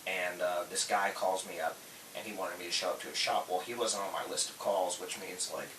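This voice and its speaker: A man casually telling stories on a podcast, acting out quoted people with loud, animated bursts. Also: low voice, brisk. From Florida. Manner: animated, acts out quotes loudly. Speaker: podcast host, tool truck dealer. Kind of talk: casual storytelling chat. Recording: echoey room, distant mic, faint hiss.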